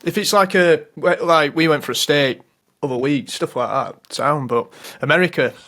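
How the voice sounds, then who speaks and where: A man's voice: a little high, moderate pace, a bit bright. Man ranting about pet peeves. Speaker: podcast co-host. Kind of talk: casual chat.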